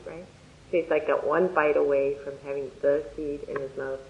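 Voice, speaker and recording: A Dharma teacher giving a talk in a lively, anecdotal way and closing with a guided meditation. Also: medium pitch, brisk. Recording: echoey, dull lo-fi room recording.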